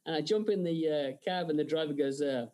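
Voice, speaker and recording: Animated, fast-talking man telling stories. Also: on the high side. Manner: animated storyteller, laughs often, many fillers. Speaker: special-effects artist and director, guest. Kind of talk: casual interview.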